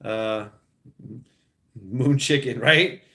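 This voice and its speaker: A man's voice: medium pitch, drawn-out words, sharp tone. A man, maybe in his thirties, hosting a casual livestream, talking to his chat in a rambling, profane way and laughing at his own jokes. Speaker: livestream host.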